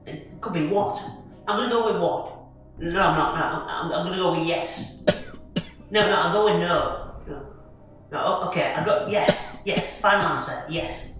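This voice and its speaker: A comedian hosting a home-made comedy variety show, jokey and self-mocking. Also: male voice, a little high, noisy background.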